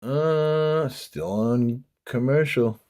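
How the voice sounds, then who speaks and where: A man's voice: mid-range voice, extremely slow, a little mellow, no room sound. A man with toothless, gummy speech, chatting casually on a livestream, laughing often and reading comments aloud. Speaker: livestream host reading chat.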